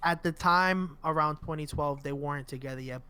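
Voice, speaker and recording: A man co-hosting a casual wrestling podcast, talking fast and profanely and breaking into loud impressions. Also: a little high, smooth. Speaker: podcast co-host. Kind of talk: casual wrestling review chat.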